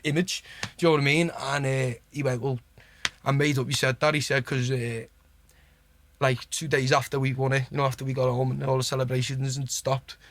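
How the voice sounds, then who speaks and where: Speaking fairly quickly at medium pitch, the Liverpudlian guest swaps casual anecdotes, swearing freely and repeatedly checking "do you know what I mean." He laughs and grows excited mid-story, over slight background noise.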